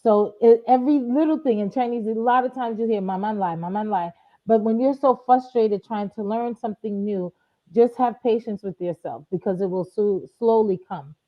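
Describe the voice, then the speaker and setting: New woman, muffled lo-fi sound. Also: a little fast. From New York. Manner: animated, acts out quoted speech in a higher voice. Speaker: Chinese tutor, guest. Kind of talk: casual interview chat. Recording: dull lo-fi audio.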